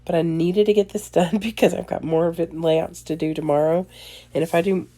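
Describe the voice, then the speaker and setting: A woman with a low, mellow voice talks through her craft project in a loose, rambling voiceover. She sounds stuffy-nosed and worn out from a late night, and drifts into apologetic asides and small laughs. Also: steady tone, brisk. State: congested from a sinus infection. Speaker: scrapbooking video creator. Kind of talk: casual voiceover narration of a craft process.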